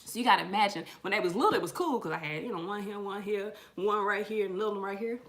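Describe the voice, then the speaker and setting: A middle-aged woman doing a casual tarot reading, telling lively stories in slang and swearing as she talks to her viewers. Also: medium pitch, fast. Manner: animated storytelling, slangy, swears, addresses viewers as y'all. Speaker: tarot reader.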